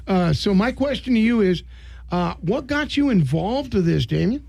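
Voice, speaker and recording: A man hosting a radio interview in a studio, talking quickly and teasing his guests in a joking way. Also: high-pitched, animated, vocal fry, darkish tone, no room sound. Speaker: radio host.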